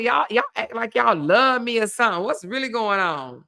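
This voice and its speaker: A woman's voice: fairly high pitch, brisk, vocal fry, hardly any pauses, sharp tone. A woman hosting a casual live stream, chatty and laughing often as she thanks viewers by name.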